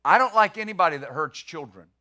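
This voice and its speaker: Middle-aged male pastor, bright and forceful, a bit high, talks his sermon like a chat and repeats words. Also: expressive, fast talker. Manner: conversational preaching with rhetorical questions.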